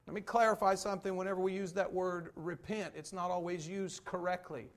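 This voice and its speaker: A pastor in the pulpit with a notably high voice for a man. He moves between a relaxed, folksy storytelling manner and emphatic preaching. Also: brisk, few pauses. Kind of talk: sermon.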